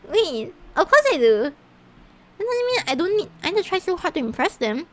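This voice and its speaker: Woman streamer reading a visual novel out loud, high voice, super expressive. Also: a little fast, soft background music. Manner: animated and emotionally reactive. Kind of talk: reading a visual novel aloud while playing.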